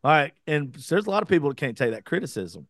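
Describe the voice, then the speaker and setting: Casting: male podcast host, slightly higher voice, blunt and profane, close dry mic. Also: very animated, quick pace, fairly bright tone, dry recording. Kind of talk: casual chat.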